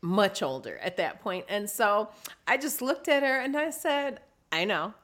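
A woman co-hosting a casual podcast chat, telling stories in an emphatic, animated way. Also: medium pitch, a little slow. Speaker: podcast co-host.

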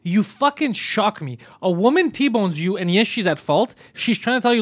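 A man's voice: sits high, sing-song, no echo. A man co-hosting a podcast, teasing his friend in casual banter, often mimicking him. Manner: fast, teasing, mocking impressions. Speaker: podcast co-host.

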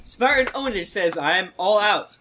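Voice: mid-range voice, lively intonation, normal speed, sharp tone, a little hiss or hum. A podcast regular in casual chat, playfully reading listener reviews aloud with jokey asides. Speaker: podcast cast member.

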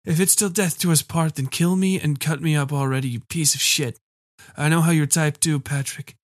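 Raspy defiant captive woman, as a male reader puts her on. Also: on the high side, fairly even intonation, moderate pace, no room sound, studio quality, natural voice. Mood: hostile. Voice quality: raspy, weak voice. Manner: swearing, hostile retorts.

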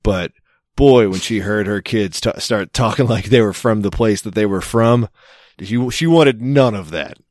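A man's voice: on the low side, a little slow, darkish tone, dry recording, clean studio sound. A man co-hosting a podcast, telling stories in a laid-back, teasing way. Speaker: podcast co-host. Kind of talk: casual chat.

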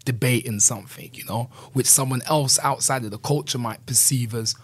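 The speaker is a man with a husky, mid-range voice who talks fairly quickly. As a guest in a reflective, conversational interview, he is earnest and candid, often slipping in "you know."

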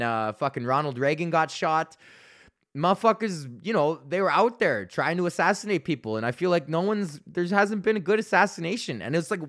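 A man's voice: a little high, a bit bright. A male comedian hosting a solo podcast, ranting in a loose, rambling, profane way.

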